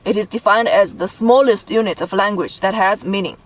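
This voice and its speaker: A woman from Beijing giving a Mandarin lesson, slowly and deliberately spelling out her examples. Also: mid-range voice, rough recording. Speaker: Mandarin teacher. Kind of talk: explanatory language lesson.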